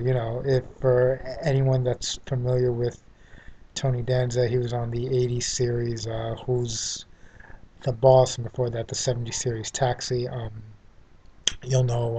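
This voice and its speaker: A man's voice: mid-range voice, a little mellow, a little hiss or hum. A man from New York City with a New York accent, giving a casual spoken TV review full of fillers and restarts. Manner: rambling, many fillers and restarts.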